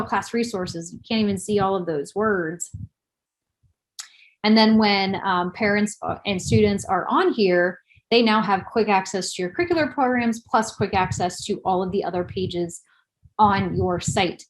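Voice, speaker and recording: A woman's voice: mid-range voice, moderate pace, low-quality recording. A woman presenting a screen-share webinar tutorial, chatty and self-deprecating, thinking aloud as she clicks through the steps.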